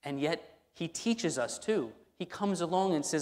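A man's voice: on the high side, lively intonation, unhurried, a little mellow. A man preaching a sermon as pastor, speaking conversationally and repeating key phrases for emphasis. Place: church sanctuary. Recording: long hall reverb in a church.

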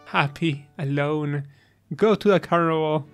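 A man's voice: fairly high pitch, unhurried. A man hosting a let's play, reacting to a game ending with chuckles and then reflecting on it, tearing up. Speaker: gaming channel host. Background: faint game music.

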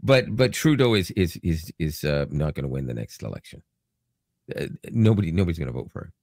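A man's voice: very deep voice, fairly quick, creaky, dry recording, studio quality. A Canadian man co-hosting a podcast, chatting casually with jokes and rambling asides. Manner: rambling, joking, animated storytelling. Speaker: podcast co-host. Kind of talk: casual chat.

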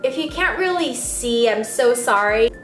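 A young woman with a squeaky voice, chatting excitedly as a beauty vlogger unboxing products in a casual vlog. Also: unhurried. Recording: roomy sound, mic at a distance, faint music.

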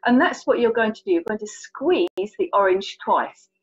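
Lively, husky British woman teaching signs. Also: medium pitch, moderate pace, lo-fi sound. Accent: British English. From England. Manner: chatty, playful, encouraging, demonstrating hand signs. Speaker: sign language tutor. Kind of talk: children's signing lesson.

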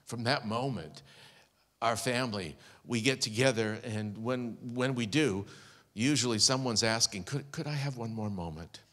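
A medium-pitched, a bit bright man delivers a sermon at a moderate pace, his voice echoing with long reverb in a big church hall. As pastor he tells a personal story, quoting speech from the heart.

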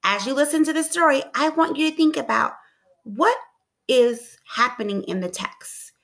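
Lady teacher reading a picture book to kids, high voice, super animated. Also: normal speed. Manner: expressive, encouraging questions to kids. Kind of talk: storybook read-aloud lesson.

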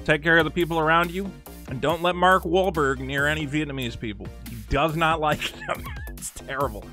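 A man's voice: a little high, moderate pace, sharp tone, soft background music. A man from Massachusetts, hosting a sarcastic, ranting commentary vlog. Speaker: commentary host.

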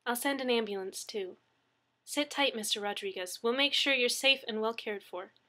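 A woman's voice: fairly high pitch, normal speed, pushed and bright. A woman voicing a friendly female emergency dispatcher who talks in a chatty, reassuring way in an audiobook reading.

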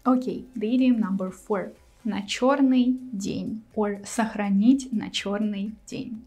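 A woman's voice: mid-range voice, steady tone, takes it slowly, mellow, faint music behind. A young woman with a Russian accent, a native Russian speaker, patiently explaining idioms in a video lesson. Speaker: language teacher.

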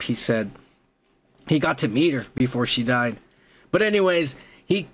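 Man, podcast host, casual movie recap, excitable, swears a lot, fairly high voice. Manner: excitable, profane, rambling with restarts.

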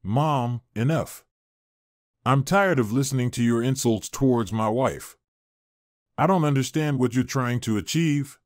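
A man's voice: mid-range voice, unhurried, a little mellow, dry recording, studio quality, lightly acted. A man reading the lines of a firm, protective young husband who sounds exasperated.

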